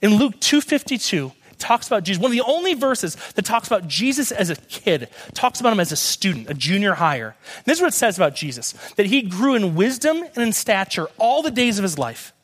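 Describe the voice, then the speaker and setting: A young man preaching a sermon as guest speaker, lively and storytelling, acting out the voices of people in his stories. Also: high voice, brisk. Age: young adult. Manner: animated storytelling, acts out quoted voices.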